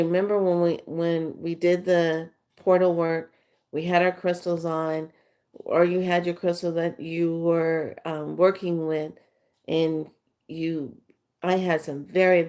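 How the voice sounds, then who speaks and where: A woman's voice: lowish voice, a little mellow. A middle-aged woman, a spiritual teacher, telling rambling, chatty stories to her followers with fillers and acted-out quotes. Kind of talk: casual storytelling to followers.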